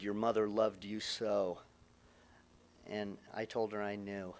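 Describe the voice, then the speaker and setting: A middle-aged man giving a eulogy for his mother at a funeral, speaking haltingly with many restarts and pauses, at times choked up. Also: mid-range voice, vocal fry. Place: funeral chapel.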